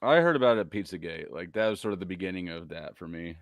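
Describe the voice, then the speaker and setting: A man's voice: low-pitched, lively intonation, fast talker, dry recording, dull audio. A man on a casual panel chat, making short, wry remarks.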